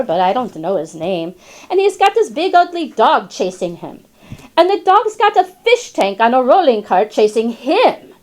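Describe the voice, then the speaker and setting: Here a woman uses a high, darkish-toned voice to play the storybook's talkative classroom parrot, a wry female bird. She slips into rhymes, adds sly asides, and sprinkles in Spanish.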